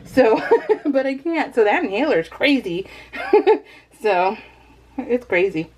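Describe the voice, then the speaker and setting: Crafting vlogger, female, from Northern California; bubbly, giggly, rambling chat, pitched a bit high. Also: very animated, slow. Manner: bubbly, giggles often between phrases; rambling, talks straight to viewers. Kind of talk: casual chat voicing over a crafting video.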